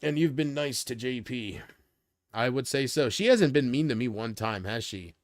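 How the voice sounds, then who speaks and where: A man's voice: mid-range voice, animated, moderate pace, no echo, clean studio sound. A man hosting a livestream, ranting casually and profanely to his chat, addressing viewers by name and rambling in restarts. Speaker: livestream host.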